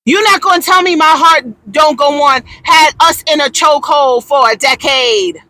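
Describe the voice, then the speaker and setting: A woman giving a loud, theatrical, profane comedic rant, indignant and often yelling. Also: sits high, normal speed, dry recording. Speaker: vlogger.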